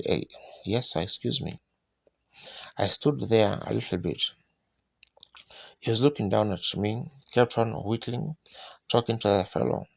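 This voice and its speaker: A man's voice: on the low side, vocal fry. A man preaching a sermon, telling a personal story in a folksy, colloquial way and acting out moments as he goes.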